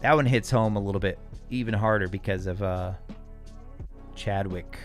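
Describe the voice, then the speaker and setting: A man's voice: lowish voice, normal speed, soft background music. An American man hosting a live stream, chatting casually and answering viewers' comments with frequent chuckles. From United States. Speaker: livestream host. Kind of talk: casual live-chat talk.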